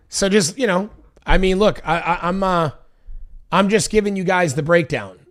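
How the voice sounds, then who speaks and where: A man on a stream reading a bill aloud line by line, breaking off into loose, casual asides full of fillers. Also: high-pitched. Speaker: political commentary streamer.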